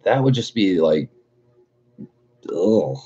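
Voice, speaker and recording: Male streamer, deep husky voice, laid-back and profane, reads chat aloud, muffled stream audio. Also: very animated, slow pace, dark tone, soft background music. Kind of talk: casual livestream chat.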